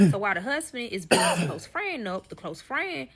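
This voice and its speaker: A woman's voice: fairly high pitch, very animated, moderate pace, fairly bright tone, husky. A woman telling a personal story in casual, profane fashion, talking straight to her audience. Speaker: storyteller guest.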